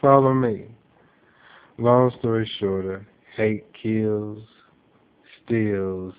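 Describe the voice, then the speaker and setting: A man narrating a spoken word story in a slow, deliberate manner, recorded with a tinny phone-like sound. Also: lowish voice.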